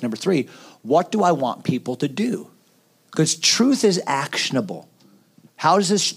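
A pastor in a round-table discussion on preaching, talking in an animated way with rhetorical questions and frequent restarts. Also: male voice, fairly high pitch.

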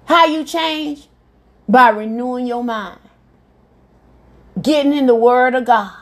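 Woman preaching on her podcast, high voice, real slow and drawn out, fervent and repeating herself. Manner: fervent, repeats phrases, exclaims hallelujah. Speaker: evangelist podcast host. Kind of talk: devotional sermon.

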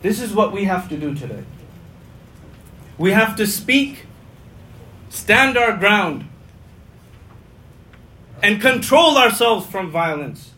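A male imam giving a Friday sermon, passionate, swinging between loud emphatic lines and hushed low ones, repeating key phrases. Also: big pitch swings, takes it slowly, pauses often, slight background noise, low-quality recording.

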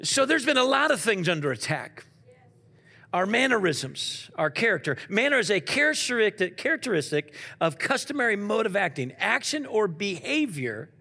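A man preaching a sermon, asking the congregation questions and swinging from loud to quiet. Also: high-pitched, breathy edge. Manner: animated preaching with call-and-response questions. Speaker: pastor.

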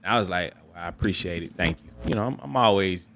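Young man, podcast host, low voice, candid and reflective, stumbles and restarts, acts out relatives in a higher voice. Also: fast talker, a bit bright, a little hiss or hum. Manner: candid, reflective, acts out quoted family members with raised pitch; frequent restarts and repeated words. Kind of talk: casual personal storytelling.

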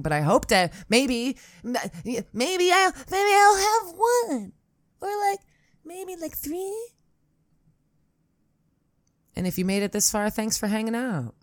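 A low-pitched woman with a Buffalo accent rambles through a solo podcast monologue, swearing freely and sounding wry. Her voice sits deep for a woman. The recording is dry and close, with no room echo. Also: darkish tone. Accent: Buffalo, New York. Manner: profane, sardonic, rambling. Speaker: podcast host.

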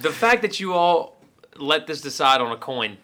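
A man's voice: fairly high pitch, big pitch swings, moderate pace, pushed and bright. A man co-hosting a casual podcast, telling a funny story, swearing and laughing as he goes. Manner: joking storyteller, swears freely, laughs through his lines. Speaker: podcast co-host. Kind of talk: casual chat.

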